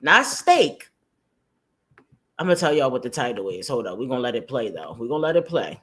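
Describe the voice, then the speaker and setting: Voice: medium pitch, very animated, rapid-fire, husky. Slangy chatty livestream host. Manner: chatty, slangy, addresses viewers as y'all. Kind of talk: casual reaction livestream.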